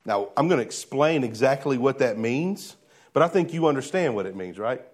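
A male pastor preaching a sermon in a conversational way, asking rhetorical questions and moving between hushed and emphatic delivery. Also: mid-range voice, expressive, normal speed.

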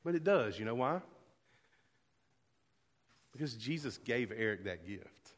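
A man pastor preaching a sermon to his church, earnest, dropping to a hush and rising to loud, fervent calls. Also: medium pitch, very animated, unhurried, long reverb tail. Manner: earnest, swings from hushed to loud. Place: church sanctuary.

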